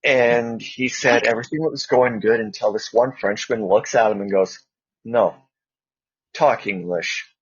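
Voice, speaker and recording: A man's voice: mid-range voice, fairly even intonation, normal speed, few pauses, husky, no room sound, lo-fi sound. A Canadian man co-hosting a casual chat podcast, telling rambling stories full of fillers. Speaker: co-host.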